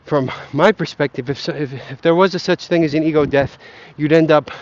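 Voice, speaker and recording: Outdoors near some geese, a young male vlogger rants casually, swearing a lot and drifting between half-formed thoughts with a profane, self-doubting ramble. His voice sits on the high side, steady and fairly quick, with a darkish tone. The muffled lo-fi recording carries a little hiss or hum.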